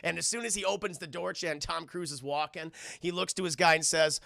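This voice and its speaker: A young man excitedly recapping a film for his live chat, swearing and addressing the chat constantly. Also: a little high, a little fast, creaky, no echo, studio quality. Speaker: streamer reviewing a film.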